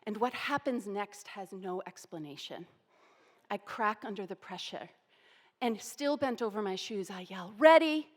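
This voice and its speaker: A woman in her forties telling a personal story, animated and self-deprecating. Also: medium pitch, measured pace, in a large hall. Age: 40s.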